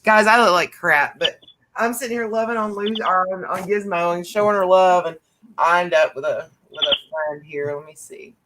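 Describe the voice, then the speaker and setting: A woman's voice: on the low side, moderate pace, noisy background. Woman, stream host, casual and rambling, slightly sick. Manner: chatty, lots of fillers and laughs. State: recovering from illness. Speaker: host of a coloring livestream. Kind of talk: casual chat.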